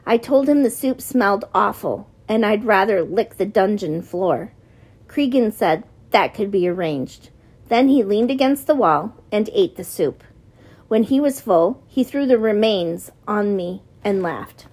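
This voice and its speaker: A woman narrating a novel in the first person, in measured storytelling. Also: mid-range voice, lively intonation, a little mellow, slightly rough. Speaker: audiobook narrator.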